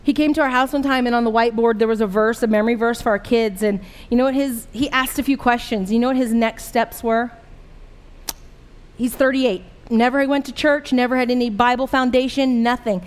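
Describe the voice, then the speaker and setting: High-voiced woman preaching earnestly. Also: steady tone, a little fast. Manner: earnest, conversational preaching with rhetorical questions. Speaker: pastor. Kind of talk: sermon.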